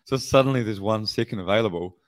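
A former racer recalling a breakaway in wry, laid-back casual chat. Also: male voice, lowish voice, quick pace.

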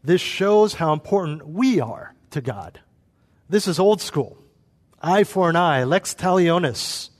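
Male pastor, sermon, fairly high voice, long reverb of a big church hall, acts out quotes. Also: expressive, slow pace.

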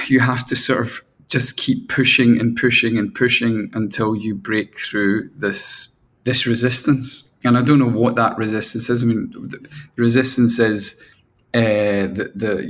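A man's voice: mid-range voice, fairly even intonation, fairly bright tone. A middle-aged man, a band frontman and songwriter, talks candidly in a casual interview. He often restarts his sentences and mocks himself by acting out his inner critic. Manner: self-mocking, halting with many restarts, mimics his own inner voices.

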